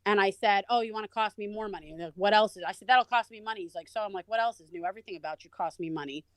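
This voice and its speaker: Guest woman with a mid-range voice, animated storyteller, dry and close. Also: medium pitch, rapid-fire, no echo. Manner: animated, acts out quoted voices. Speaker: interview guest. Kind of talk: conversational storytelling.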